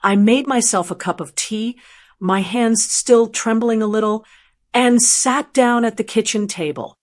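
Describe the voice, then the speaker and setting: Gentle woman narrating a first-person story. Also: fairly high pitch, a little slow.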